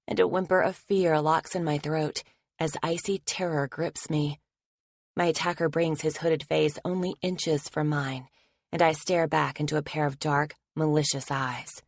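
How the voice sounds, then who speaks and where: A woman's voice: low-pitched, no echo, studio quality. A woman narrating a romance audiobook in the first person, with tense, intimate storytelling.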